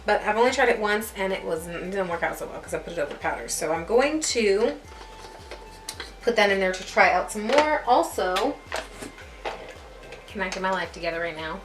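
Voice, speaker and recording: A young woman talks casually to her camera, chatty and quick to poke fun at herself as she rambles. Her voice sits at an ordinary middle pitch. The room is echoey, with faint music underneath. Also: expressive. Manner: chatty, self-deprecating, laughs at herself. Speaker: beauty vlogger.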